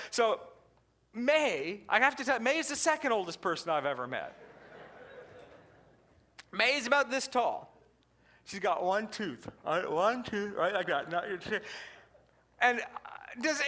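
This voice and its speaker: A man giving a keynote talk, telling a story in an animated way with frequent laughs. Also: high-pitched. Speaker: customer service keynote speaker.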